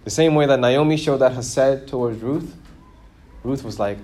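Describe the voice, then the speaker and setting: A man preaching a sermon, who asks his listeners questions and grows louder and higher when he makes a point. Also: normal speed. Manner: lively, rises in pitch and volume for emphasis, asks the congregation questions.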